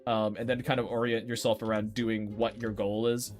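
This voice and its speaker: A young artist streaming his drawing speaks in a lowish, flat voice at normal speed, with faint music behind. He addresses viewers casually, ranting and swearing heavily.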